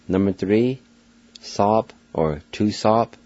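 An older man with a low, mellow voice gives a slow, patient pronunciation lesson, spelling out each word letter by letter and then repeating it. The audio is dull and lo-fi, like an old radio broadcast, very dry and free of echo.

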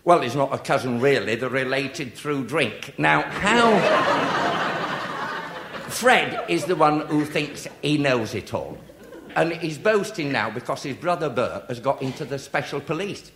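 An older man telling comic stories on stage, chatty and confiding, with deadpan punchlines. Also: medium pitch, unhurried. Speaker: stand-up comedian. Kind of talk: stand-up comic storytelling. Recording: echoey live room with noise.

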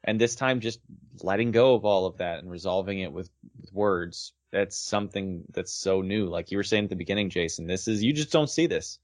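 A man's voice: low-pitched, brisk, no echo, studio quality. A man co-hosting a casual podcast, analyzing an anime and asking pointed questions. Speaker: podcast co-host.

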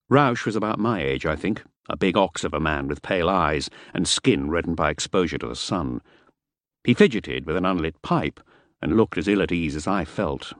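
Audiobook narrator, man, low register with varied pitch, understated delivery, dry studio. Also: expressive, normal speed, no room sound. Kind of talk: first-person audiobook narration.

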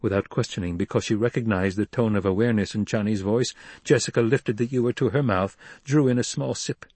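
Man reading a novel aloud, husky voice, dry close sound. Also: lowish voice, a little fast, darkish tone, no echo. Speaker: audiobook narrator. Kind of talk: scripted narration.

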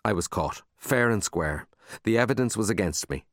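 A man narrating a children's story in an expressive, animated reading. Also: fairly low pitch, normal speed, no echo, studio quality. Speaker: audiobook narrator.

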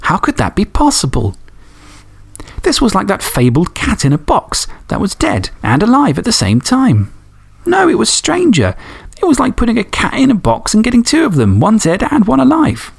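A man's voice: on the high side, creaky, husky. A man hosting a podcast, reading fan stories and chatting enthusiastically, swearing casually. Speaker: podcast host.

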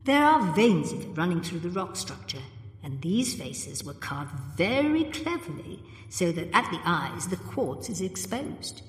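A woman's voice: lowish voice, big pitch swings, unhurried. A woman doing a grumpy, sarcastic old grandfather. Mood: testy. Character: grumpy elderly man, testy sarcastic grandfather scholar. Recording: long reverb.

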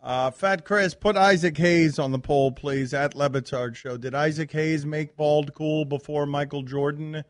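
A man's voice: fairly high pitch, fairly even intonation, unhurried, hardly any pauses, no room sound. Dry, rambling sports radio host man. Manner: rambling, exasperated, sarcastic. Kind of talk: casual sports talk chat. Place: radio studio.

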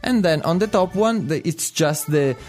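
A man's voice: fairly high pitch, lively intonation, a little mellow, faint music behind. Joking Italian-accented man co-host. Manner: jokey and self-mocking, laughs often, halting with fillers. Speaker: co-host and native-speaker teacher. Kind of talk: casual language-lesson podcast.

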